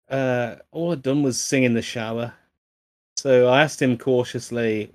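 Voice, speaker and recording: A man's voice: mid-range voice, fairly even intonation, normal speed, darkish tone, dry recording, studio quality. A man co-hosting a casual podcast, rambling and swearing freely as he tells a joke story. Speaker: podcast co-host.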